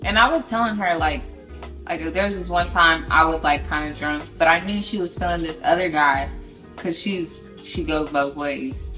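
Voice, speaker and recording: A woman's voice: sits low, moderate pace, sharp tone, faint music behind. A woman, telling a casual story in slang and quoting herself as she goes. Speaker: vlogger telling couple story.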